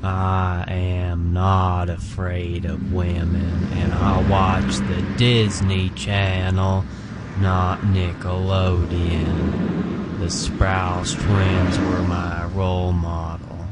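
A man's voice: sits low, drawn-out words. A man playing a sulky drive-thru worker. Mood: defensive. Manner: flat, defensive. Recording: loud vehicle noise.

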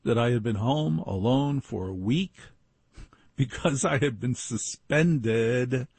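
An older man tells personal stories in a relaxed, wry way, now and then slipping into the voices of the people he quotes. His voice is gravelly and a little husky. The sound is dry and close, with no room echo. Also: medium pitch, takes it slowly. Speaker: show host. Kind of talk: storytelling monologue.

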